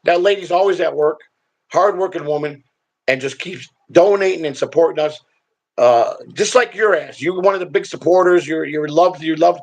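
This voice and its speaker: A male host rambles through a casual story on his stream, blunt and full of swearing. His fairly high voice is gravelly and husky, with a rough fry under the words. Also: normal speed, darkish tone.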